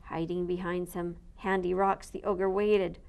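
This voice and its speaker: A woman reading a picture book aloud to listeners with an expressive, animated delivery. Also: lowish voice, a little slow, gravelly, clean tone. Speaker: storyteller.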